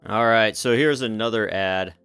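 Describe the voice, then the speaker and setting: A man's voice: lowish voice, moderate pace, a bit bright, faint music behind. A man hosting a casual commentary in a rambling, joking manner. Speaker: commentary host.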